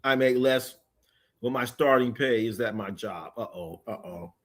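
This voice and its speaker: Male sports livestream host, casual and joking, reacting loudly to chat; mid-range voice. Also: medium pitch, a little slow. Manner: loose, joking, animated bursts. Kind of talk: casual chat reading live comments.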